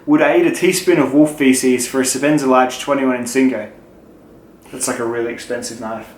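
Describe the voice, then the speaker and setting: Brisk and fairly even in intonation, this young Australian man speaks in a mid-range voice while answering his viewers' questions. As the channel host he keeps it loose, funny, and profane, and the Q&A was captured in an echoey room with faint noise.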